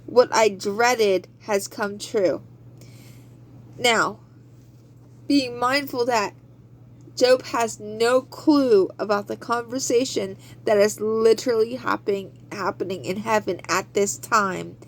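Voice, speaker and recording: A woman leads a casual Bible study in a fairly high voice. She takes her time, talks like a friend with plenty of fillers, and then builds into fervent, preachy exhortation. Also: takes it slowly. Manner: conversational with fillers.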